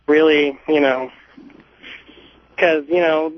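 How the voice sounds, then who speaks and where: A man calling in to a radio show over a muffled phone, talking haltingly with many fillers. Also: a little high, steady tone, no echo. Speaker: caller. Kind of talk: call-in radio talk. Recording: muffled cheap phone line.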